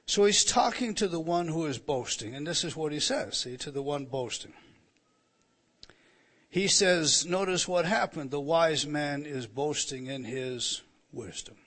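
A man's voice: fairly high pitch, lively intonation, a little slow, fairly bright tone. A man preaching an expository sermon, reading verses aloud and explaining them with emphatic rises and frequent restarts.

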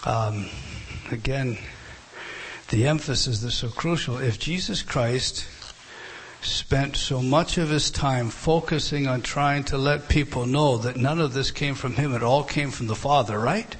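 A man preaching an expository Bible teaching, animated and repeating and restarting phrases as he explains the text. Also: medium pitch, a little slow, a little hiss or hum.

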